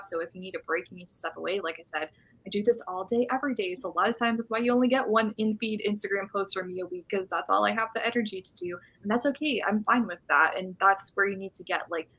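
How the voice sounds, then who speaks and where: Young female guest, bright voice, chatty casual delivery heavy on fillers. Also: medium pitch, low-quality recording. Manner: chatty, frequent "like" fillers, laughs often. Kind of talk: casual live-stream chat.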